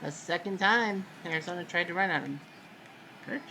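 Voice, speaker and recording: A man hosting casual play-by-play commentary of a simulated baseball game, relaxed and chatty, with sudden loud calls on big plays. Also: high-pitched, moderate pace, gravelly, a little hiss or hum.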